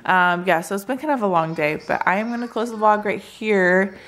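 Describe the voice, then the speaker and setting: A woman's voice: mid-range voice, fairly quick, fairly bright tone. A young woman hosting a casual vlog, tired and in pain, talking to the camera from a couch at home. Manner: tired, resting on a couch, talks with laughs. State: in pain from contractions. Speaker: vlog host. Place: living room at home.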